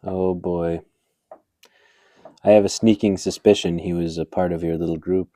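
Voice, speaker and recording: A man playing a dry, deadpan late-night talk show host in an improvised comedy sketch, answering with low-key remarks. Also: moderate pace, no echo, lightly acted.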